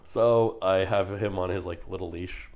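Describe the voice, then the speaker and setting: A young man from Canada speaks with a low, deep voice. He tells a long story casually as a podcast guest, swearing freely and breaking into laughs. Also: normal speed. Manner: animated, profane, laughs through his story.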